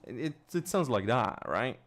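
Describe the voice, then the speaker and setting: A man's voice: mid-range voice, big pitch swings, unhurried, a bit bright. A man with an Eastern European accent, a non-native English speaker, chatting casually and swearing under his breath while building a model kit. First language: not English. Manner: mumbling, swearing, talking to himself.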